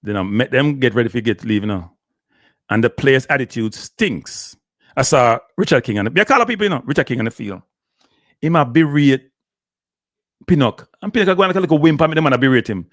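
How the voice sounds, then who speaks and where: A man's voice: medium pitch, lively intonation, a little fast, a bit bright, no echo, clean studio sound. A man with a Jamaican accent hosting a live show, ranting and scolding in patois. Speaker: host. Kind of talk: heated live commentary.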